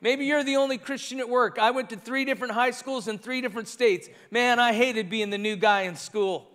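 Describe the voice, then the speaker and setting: Man, pastor, very high voice, earnest preaching, reverberant church hall. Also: fairly even intonation, a little fast, fairly bright tone. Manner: earnest preaching with repeated phrases. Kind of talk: sermon. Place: church sanctuary.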